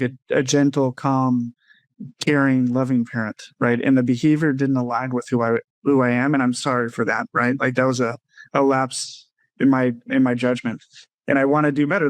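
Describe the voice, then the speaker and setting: This guest speaks at a medium pitch, level in tone and a little fast, with no echo. He's a clinical social worker who coaches parents, laying out his views thoughtfully in a casual interview and often checking in with "right?"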